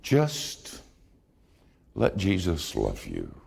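Gravelly, deep-voiced preacher in a hall. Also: male voice, wildly swooping pitch, drawn-out words, a little mellow. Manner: folksy, humorous and confessional. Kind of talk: sermon with storytelling.

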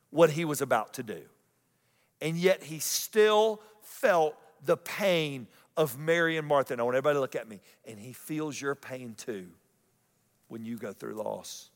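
A male pastor preaching to his congregation, his voice carrying a long hall reverb through the sanctuary. He drops to near-whispers for tender points, then rises loud and slow to stress key lines, often repeating a phrase for weight. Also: medium pitch. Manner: dramatic swings between loud emphasis and hushed intimate lines. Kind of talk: sermon.

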